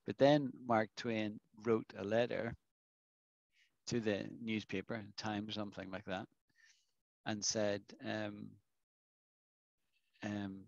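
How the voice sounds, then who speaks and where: A man's voice: fairly low pitch, little pitch movement, slow pace, gravelly, pauses often, a little mellow, dry recording. A man teaching English in a classroom, explaining patiently and often checking understanding with the students. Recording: dull lo-fi dry recording.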